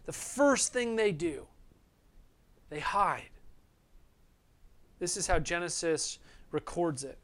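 Male pastor, higher voice, earnest sermon delivery, keeps checking in with listeners, sometimes sinks to a near whisper. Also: expressive, slow, pauses often. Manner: earnest, often adds "right?" as a check-in.

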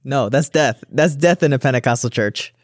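A man's voice: mid-range voice, normal speed, no room sound, clean studio sound. A man hosting a podcast, adding brief joking comments to a guest's story. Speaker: podcast host. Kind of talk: casual chat.

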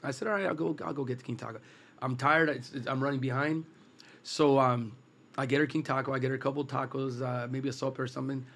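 A man's voice: medium pitch, level tone, fast talker, fairly bright tone. A man chatting casually about his taco business. He tells stories and keeps restarting his sentences, with a medium voice. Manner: storytelling, restarts often. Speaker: taco business owner guest. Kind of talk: casual chat.

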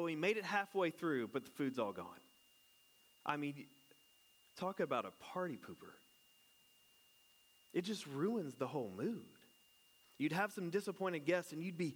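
A man, a pastor who is married and has children, giving a casual, conversational sermon. He jokes and keeps asking his listeners questions. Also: fairly high pitch. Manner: chatty and joking, asks the congregation questions.

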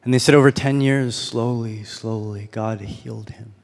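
A man's voice: medium pitch, fairly even intonation, brisk, vocal fry. A man giving a sermon as a pastor, in a casual storytelling manner that leans on rhetorical questions. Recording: long hall reverb.

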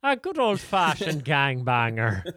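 A man's voice: mid-range voice, wildly swooping pitch, measured pace, a bit bright, no echo, studio quality. A man co-hosting a podcast, talking casually with crude, sarcastic jokes and laughing at his own lines. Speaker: podcast co-host.

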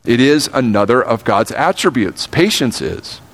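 An older man preaching a sermon, earnest, slowing down to stress key words and speeding up for asides. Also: mid-range voice, animated. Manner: earnest, shifts between slow emphatic phrasing and quick asides. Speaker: pastor.

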